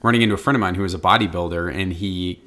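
Brief: podcast co-host, deep voice, blunt and profane, casual chat. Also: male voice, rapid-fire, a bit bright. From Massachusetts. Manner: blunt, swears freely, laughs at own stories.

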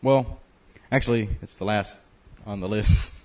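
A man's voice: on the low side, a little slow, darkish tone. A young man co-hosting a podcast in casual chat, dropping dry, sarcastic quips. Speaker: podcast co-host.

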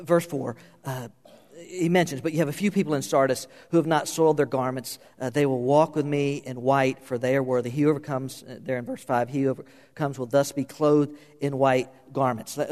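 A man's voice: mid-range voice, darkish tone, long reverb tail. A man preaching a sermon, impassioned and at times pleading. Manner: impassioned, rising to pleading intensity. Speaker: pastor.

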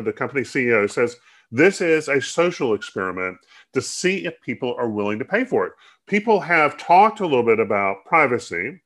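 A man co-hosting a casual talk show, speaking in halting bursts with frequent restarts and fillers. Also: mid-range voice, fairly bright tone. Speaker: co-host. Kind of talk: casual chat.

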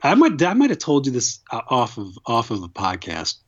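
A man's voice: medium pitch, huge pitch swings, moderate pace, highs cut off. A man hosting a podcast, telling rambling, profane stories in casual chat and laughing often. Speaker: podcast host.

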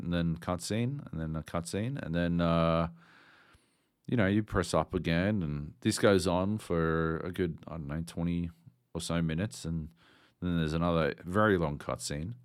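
A man's voice: low-pitched, moderate pace, clear, resonant tone, no echo, clean studio sound. A man co-hosting a podcast, ranting sardonically and swearing constantly in casual chat. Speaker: podcast co-host.

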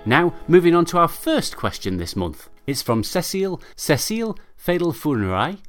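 A man with a British English accent hosting a medical podcast in a measured, explanatory way. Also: a little high, sing-song, soft background music. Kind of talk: scripted podcast narration.

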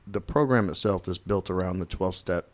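A man's voice: low-pitched, fairly quick. A man hosting an interview, asking long, searching questions that restart as he goes. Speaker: podcast host, first responder.

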